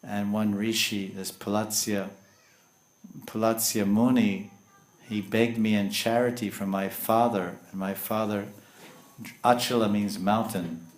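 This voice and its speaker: A man voicing a male mountain who weeps because he longs to serve, speaking in a soft, pleading way. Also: fairly low pitch, steady tone, measured pace, echoey room, natural voice.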